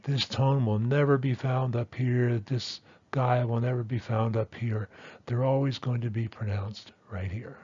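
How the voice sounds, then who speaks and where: A man's voice: medium pitch, steady tone, measured pace, warm tone, breathy edge, dry recording, muffled recording. A man teaching a language lesson, explaining step by step and checking in with "right?". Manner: methodical, repeats key points, says "okay" and "right?".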